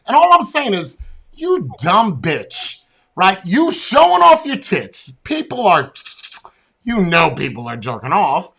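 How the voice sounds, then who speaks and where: A man rants on a casual podcast, blunt and profane. His voice is bright and husky, and his pitch swings widely as he tells the story with animation. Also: wildly swooping pitch, takes it slowly. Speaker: podcast host.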